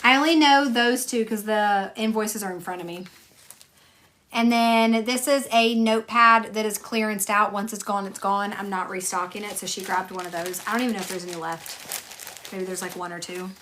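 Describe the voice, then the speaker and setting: A woman's voice: medium pitch, fairly even intonation, moderate pace, a bit bright, a little hiss or hum. A young woman hosting a casual livestream, chatty and rambling, laughing often and talking to her viewers by name. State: tired. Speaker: livestream host selling stickers and stationery.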